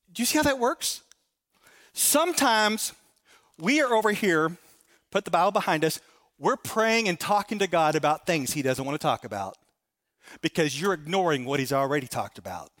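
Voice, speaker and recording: Emphatic male pastor, higher voice. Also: animated, fairly bright tone. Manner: emphatic preaching, slows down for key phrases; acts out imagined prayers with a higher voice. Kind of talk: sermon.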